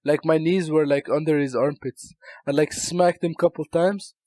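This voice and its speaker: A young man from Albania co-hosting a podcast, telling animated stories full of swearing and laughter. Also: fairly high pitch, normal speed. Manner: animated storyteller, swears a lot, laughs often. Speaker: podcast co-host. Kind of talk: casual chat, storytelling.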